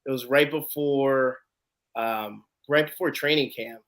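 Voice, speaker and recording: A man's voice: medium pitch, measured pace. A man hosting a live online show, telling a long story in a casual way and acting out what people said. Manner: animated storyteller acting out quotes. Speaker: host.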